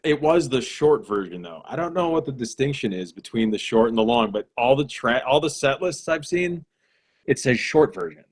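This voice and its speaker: A man in his thirties, a guest on a casual livestream chat, talking in a relaxed, rambling way with fillers. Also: medium pitch, moderate pace, breathy edge. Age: 30s.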